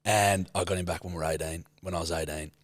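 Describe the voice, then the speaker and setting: A man in his thirties with an Australian accent, co-hosting a podcast and telling stories in a loose, animated way with plenty of swearing. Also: sits low, fast talker, no echo, studio quality. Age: 30s. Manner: swears freely, animated storyteller. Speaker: podcast co-host. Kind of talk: casual storytelling chat.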